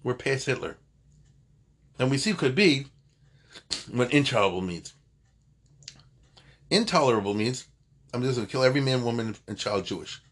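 An older man teaching a loose, chatty Talmud class. His voice is husky and sits at an ordinary pitch. He wanders off on asides and corrects himself mid-sentence. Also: expressive, normal speed, pauses often, fairly bright tone. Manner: digressive, conversational, self-correcting. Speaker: Torah teacher.

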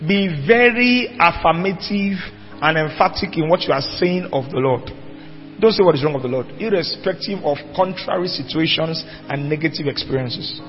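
A man's voice: on the high side, animated, moderate pace, faint music behind. A man preaching a sermon, emphatic and asking the congregation rhetorical questions. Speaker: pastor. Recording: dull lo-fi church hall recording with long reverb.

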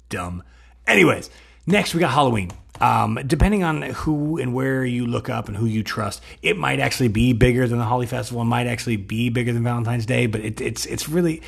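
A man's voice: medium pitch, vocal fry, husky. A man giving a rambling comedic monologue, joking at his own expense and filling it with asides. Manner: rambling, self-deprecating, many fillers and restarts. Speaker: comedic host.

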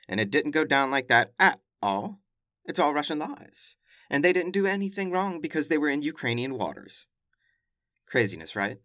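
A man's voice: medium pitch, fairly bright tone, no echo. A male podcast host who runs through world headlines in a casual, emphatic way and adds wry, exasperated asides. His voice sits in the middle register and is recorded dry and close, with no room sound. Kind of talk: casual news commentary.

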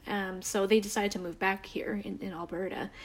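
A woman's voice: mid-range voice, fairly even intonation, moderate pace. A woman in her thirties with a Canadian accent, chatting casually and rambling with many restarts and acted-out quotes. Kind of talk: casual chat.

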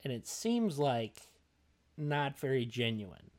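A man's voice: mid-range voice, sing-song, slow. A young man co-hosting a casual podcast chat, rambling with lots of fillers and tangents, sounding tired. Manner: rambling, filler-heavy, self-deprecating. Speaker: podcast co-host.

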